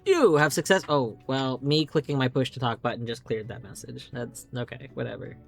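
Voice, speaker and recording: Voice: medium pitch, normal speed, vocal fry. A chatty game streamer rambles through a live playthrough, trailing off and cursing casually. Faint music plays underneath the voice. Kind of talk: live gameplay commentary.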